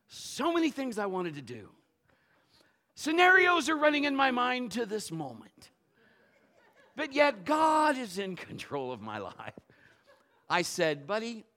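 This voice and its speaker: A middle-aged pastor preaches a sermon, telling a story and swinging from low murmurs to loud outbursts.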